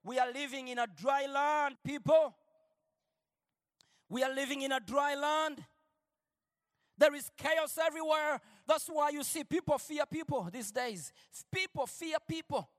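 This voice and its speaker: A male preacher giving an impassioned sermon, shifting between quiet lines and shouted declarations. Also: very high-pitched, unhurried, big-room sound.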